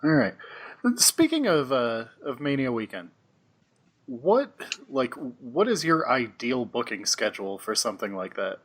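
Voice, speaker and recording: Easygoing male podcast host, laughs easily, asks follow-ups; mid-pitched voice. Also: very animated, fairly bright tone. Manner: easygoing, quick to laugh, asks probing questions. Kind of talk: casual podcast chat.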